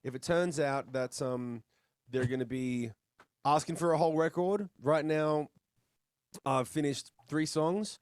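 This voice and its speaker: A man's voice: fairly high pitch, a little slow, clean tone, no room sound, clean studio sound. A man with an Australian accent, chatting casually and bluntly as a musician guest over a video call. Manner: laid-back, blunt, chatty, swears casually.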